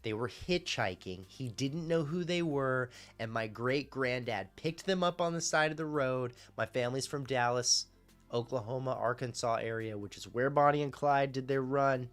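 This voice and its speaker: Man, live streamer, casual chat, rambling, swears, mid pitch, faint background music. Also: moderate pace.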